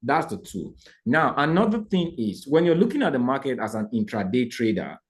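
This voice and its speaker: Speaking at normal speed in a medium-pitched voice, a man teaches trading to a live audience. His style is animated and preacher-like, with rhetorical questions and frequent check-ins with his viewers.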